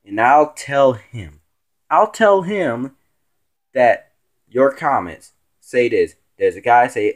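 A man's voice: animated, slow pace. A man hosting a casual vlog as a stand-in, rambling and teasing as he rants to his viewers. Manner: rambling and teasing, with swooping pitch. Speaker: stand-in show host.

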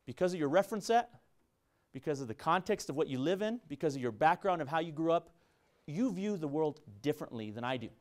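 Lecturing students in public, a middle-aged business professor from a university speaks with a San Luis Valley Colorado accent. His voice is fairly high, expressive, fast, and darkish in tone, and his earnest delivery is repetitive, with frequent restarts.

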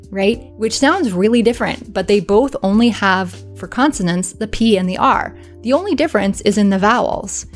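A woman hosting an educational video, explaining patiently and clearly and often checking in with the viewer. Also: medium pitch.

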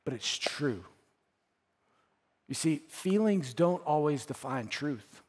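Earnest slow preacher in a reverberant church. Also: male voice, fairly high pitch, lively intonation, breathy edge. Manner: earnest, repeats phrases, swells then drops soft. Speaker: pastor. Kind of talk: sermon. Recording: church hall with long reverb.

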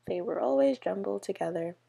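A woman reading the lines of a kindly, easygoing grandmother from a storybook in her gravelly, husky voice. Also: mid-range voice, expressive, a little fast, dark tone. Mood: amused.

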